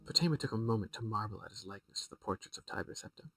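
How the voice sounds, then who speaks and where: A man streaming a game, reading its in-game book aloud and drifting into amused, rambling asides. His voice is low and gravelly, with a lively, swinging pitch. He sits a little back from the mic, with faint music playing behind him. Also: very fast, distant mic, poor audio.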